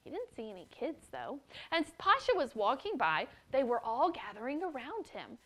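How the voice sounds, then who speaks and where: A woman tells a story to a children's church class, often turning to ask the boys and girls questions. Her voice sits a little high and stays animated. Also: moderate pace. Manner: animated, addresses children directly.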